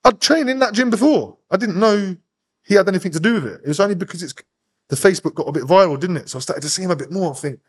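Podcast guest, English male, quick animated storyteller, a touch high-pitched. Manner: swears constantly, rapid animated storytelling, acts out voices. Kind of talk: casual storytelling interview.

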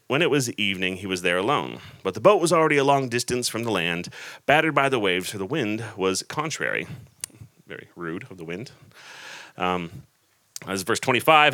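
A man preaching a casual, joking sermon to a laughing audience, reading scripture aloud with animated storytelling. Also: on the low side, brisk, no room sound.

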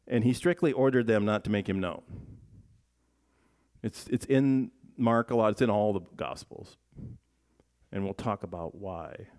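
A pastor with a fairly low, expressive, slightly mellow voice delivers a conversational sermon in church at a moderate pace. He works through the text alongside his congregation in a chatty way, putting questions to them and frequently starting his sentences over.

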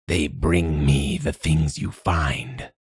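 A man voicing an ancient, secretive machine god in a storybook reading, with a rasping, slow and measured delivery. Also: extremely low pitch, steady tone, no echo, clean studio sound, exaggerated voice. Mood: solemn. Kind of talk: audiobook narration.

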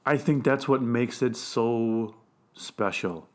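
Man, mid-pitched voice, casual podcast chat, explains patiently. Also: slow pace. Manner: relaxed, explains in detail. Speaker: podcast co-host.

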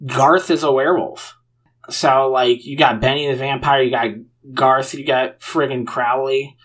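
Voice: medium pitch, steady tone, unhurried, poor audio. Podcast co-host, casual, hesitant, rambling, laughs mid-sentence. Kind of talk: casual chat.

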